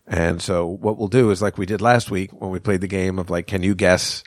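A man's voice: low-pitched, fairly even intonation, moderate pace, no room sound. A middle-aged man hosts a solo podcast in a loose, rambling way. He swears freely and chuckles at his own bits. The recording is close and dry, with no room sound. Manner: rambling, profane, laughing at his own jokes. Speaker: podcast host. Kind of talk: casual rambling monologue.

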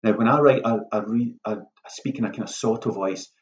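A man's voice: lowish voice, a little fast, muffled recording. A man, a playwright, giving casual, self-mocking writing advice in a workshop talk. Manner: lively, self-mocking, acts out lines in a hushed voice.

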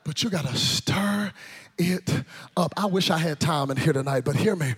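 A man preaching a sermon, telling a childhood story and then shouting and calling the congregation to answer back. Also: on the high side, normal speed, slightly rough. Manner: animated, shouting and call-and-response with the crowd. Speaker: pastor.

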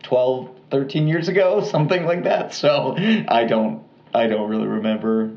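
A man's voice: medium pitch, normal speed. Male co-host, loose rambling storyteller, mid-range voice, dull echoey room sound. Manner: relaxed, rambling with fillers and restarts. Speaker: podcast co-host. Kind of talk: casual true crime storytelling.

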